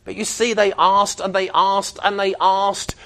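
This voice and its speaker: High-voiced animated preacher. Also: male voice, measured pace, gravelly. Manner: animated, emphatic, acts out voices of others. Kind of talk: sermon.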